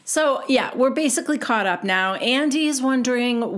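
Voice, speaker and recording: A woman's voice: on the high side, lively intonation, moderate pace. A woman hosting her own recap show, chatting casually and retelling reality TV gossip by quoting the cast in her own voice.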